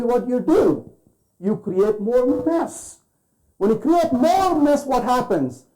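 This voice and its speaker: A man delivers a conference keynote, throwing rhetorical questions at the audience and acting out the voices he quotes. His voice is high and mellow, and the recording is rough.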